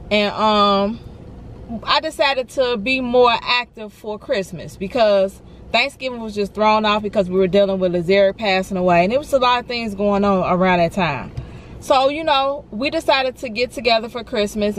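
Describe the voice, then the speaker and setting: Woman, young adult, animated vlog chat, fairly high pitch, faint road noise, inside a car. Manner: animated, talks straight to viewers with lots of y'all and honey. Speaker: vlogger. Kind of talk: casual ranting chat to viewers.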